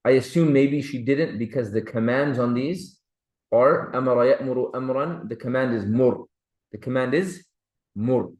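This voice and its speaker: A man's voice: medium pitch, darkish tone, echoey room, low-quality recording. A man teaching a classroom grammar lesson, who keeps checking that his students follow. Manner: patient, checks understanding with "right?" and "clear?". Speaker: Arabic teacher.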